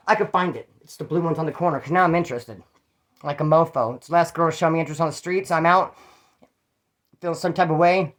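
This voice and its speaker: A man's voice: on the high side, quick pace, a bit bright. A man hosting his own channel, telling prison stories in a rambling, profane, streetwise way. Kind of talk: casual first-person storytelling.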